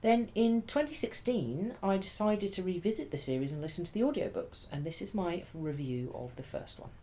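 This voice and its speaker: Low-voiced woman reviewing books. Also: lively intonation, normal speed, darkish tone, slight background noise. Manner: dry, wry and chatty. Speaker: book reviewer. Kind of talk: scripted book review monologue.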